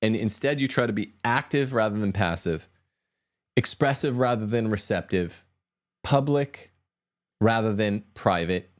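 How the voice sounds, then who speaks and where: Low-ish guy hosting a podcast, pushy and emphatic, goes off on tangents. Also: lively intonation, measured pace. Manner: emphatic, combative, with sweeping asides. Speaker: podcast host. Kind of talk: opinionated podcast talk.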